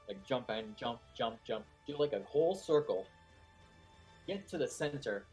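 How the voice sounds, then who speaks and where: A man's voice: mid-range voice, lively intonation, normal speed, faint music behind. A man playing a tabletop game, laid-back and rambling, describing his character's moves. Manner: rambling, laid-back, often drops to a quiet mumble. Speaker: player. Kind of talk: casual tabletop play.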